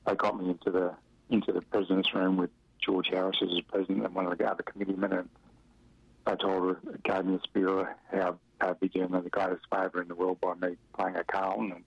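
A middle-aged Australian man with a very low, gravelly voice reminisces about his football days. He rambles along with fillers and small laughs. The audio is dry and dull, like an old lo-fi radio recording. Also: monotone, a little fast, no echo. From Western Australia. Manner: rambling, chuckling, many fillers. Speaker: interviewee, former footballer. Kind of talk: relaxed storytelling in an interview.

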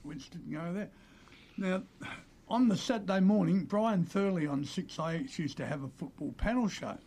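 An older Australian man telling animated stories as an interview guest, acting out the voices of the people he quotes. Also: high voice, normal speed, slight background noise. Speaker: interview guest, former player agent. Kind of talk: conversational storytelling.

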